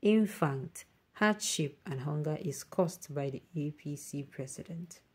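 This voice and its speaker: A woman's voice: low voice, a little slow, husky. A woman with a Nigerian accent hosting an online news show, reading viewer comments aloud and mixing in emphatic Pidgin asides.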